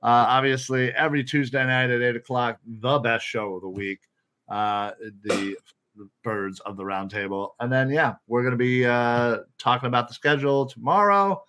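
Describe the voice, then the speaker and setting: A man's voice: medium pitch, moderate pace, sharp tone. A man co-hosting a casual sports podcast, joking and trash-talking brashly. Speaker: podcast co-host. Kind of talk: casual panel chat.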